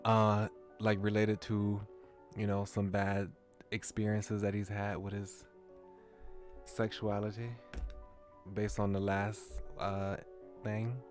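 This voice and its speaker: Male streamer, deep voice, reads the game text and muses aloud with chuckles. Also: monotone, takes it slowly, pauses often, soft background music. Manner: chuckling, musing asides between read lines. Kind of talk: reading a visual novel aloud with commentary.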